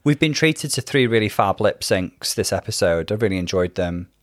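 A man's voice: lowish voice, lively intonation, moderate pace, no echo, studio quality. A man co-hosting a casual recap podcast, enthusiastic and full of praise. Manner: enthusiastic, effusive. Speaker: podcast co-host.

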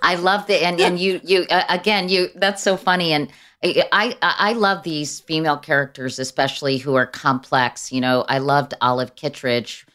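A woman's voice: low-pitched, fairly even intonation, moderate pace, a bit bright. A woman hosting an interview, enthusiastic and stumbling over her words. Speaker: talk show host. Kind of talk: casual interview chat.

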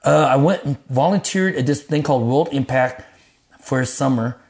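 Guy in an interview telling wild stories, curses a lot, jumps into voices for the people he quotes, mid pitch. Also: moderate pace. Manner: animated, profane, acts out quoted voices. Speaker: guest. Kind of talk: casual storytelling in an interview.

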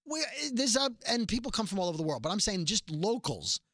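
A man from New York City with a New York accent, co-hosting a casual chat show and acting out people in quick asides. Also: sits high, big pitch swings, fairly bright tone. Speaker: podcast co-host.

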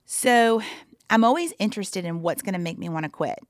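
A woman's voice: medium pitch, expressive, a little fast, no room sound, studio quality. A woman, an endurance athlete, telling her story as a guest in a podcast interview and acting out her own inner voice.

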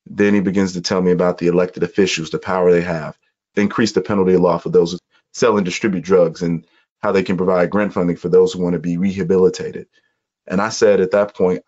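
A man from Chicago, a guest telling his life story in an earnest, reflective conversation with measured pauses. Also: deep voice, little pitch movement, darkish tone. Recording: muffled, dull audio.

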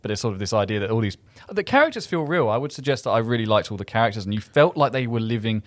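Fast-talking man reviewing a film. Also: lowish voice, expressive, no echo. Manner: quick, chatty, self-interrupting. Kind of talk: casual film review chat.

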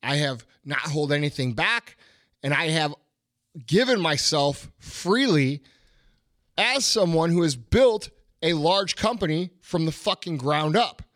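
A middle-aged man on his podcast, voice on the high side and fairly bright, speaks in an animated way at a measured pace. He rants bluntly to motivate, swearing emphatically and repeating phrases heavily, captured in clean studio sound with no room sound.

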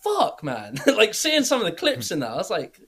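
A young British man chatting casually as a podcast guest, rambling, filling every pause with "like" and swearing easily. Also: high voice, wildly swooping pitch, a bit bright, breathy edge. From Britain. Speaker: guest YouTuber.

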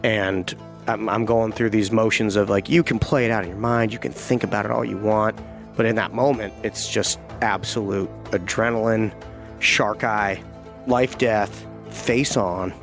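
A hunting guide telling a tense first-person story, vivid and halting, with frequent restarts. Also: male voice, fairly low pitch, steady tone, fairly bright tone, faint music behind.

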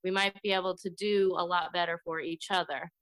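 Bright-voiced earnest woman, dry sound. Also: fairly low pitch, steady tone, a little fast, clean tone, no room sound. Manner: earnest and reflective, laughs easily. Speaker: podcast guest. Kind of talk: candid interview chat.

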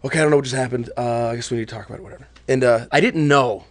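A man's voice: mid-range voice, steady tone. A man telling a raw personal story as a podcast guest, confessional, sometimes dropping almost to a whisper. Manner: fast, confessional, drops to near whispers.

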